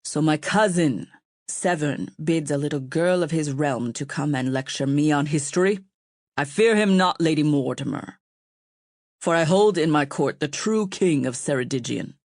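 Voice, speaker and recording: A woman's voice: low-pitched, normal speed, darkish tone, dry recording, studio quality. A woman voicing a brash young male king who speaks in a tight, clipped and bristling way. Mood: tight offended.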